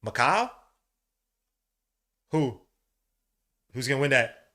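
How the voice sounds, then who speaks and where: Bright-voiced excitable New host, sports watch-along, slangy, mutters then cheers. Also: male voice, slow. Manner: excitable, swings from low mutters to loud cheering; casual slang, calls listeners bro and son. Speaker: podcast host.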